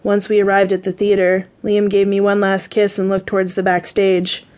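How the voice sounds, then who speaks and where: A woman reading a first-person romance audiobook, her delivery steady and measured. Her voice sits at a middle pitch, plain and unforced, paced like scripted narration.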